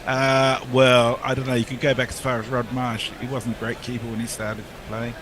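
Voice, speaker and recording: A man's voice: mid-range voice, flat delivery, normal speed, noisy background. A man co-commentating on cricket, reading out listener messages with easygoing asides.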